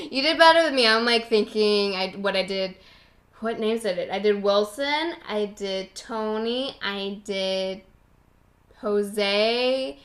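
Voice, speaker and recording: Bright-voiced young woman rambling casually. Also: a little high. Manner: rambling, heavy on "like" fillers, swears casually. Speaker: podcast host. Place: at home, at a partner's computer.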